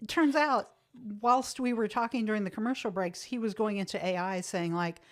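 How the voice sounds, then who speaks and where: A woman comedian co-hosting a podcast, telling stories in a chatty, playful way and laughing easily. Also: mid-range voice. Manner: chatty storyteller, quick to laugh. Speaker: podcast co-host. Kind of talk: casual comedic chat.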